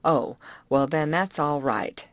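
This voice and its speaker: A man's voice: a little high, slow, no room sound. A woman reading a plainspoken male overseer who talks in a folksy, reassuring way and drops word endings. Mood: matter-of-fact.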